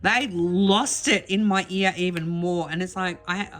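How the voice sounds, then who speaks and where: A woman's voice: on the low side, a little slow. A middle-aged woman hosting a craft vlog, telling a funny story to camera in a chatty, laughing way. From Australia. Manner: chatty, laughing, animated retelling. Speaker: craft channel host.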